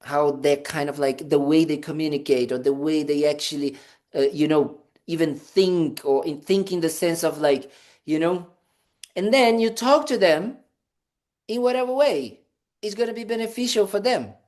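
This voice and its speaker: A man's voice: fairly high pitch, moderate pace, darkish tone. A man, a Buddhist monk, giving a casual dharma talk, conversational and playful, with many fillers and restarts. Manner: conversational, full of "you know" fillers and restarts; playful, acts out little scenes with "da, da, da".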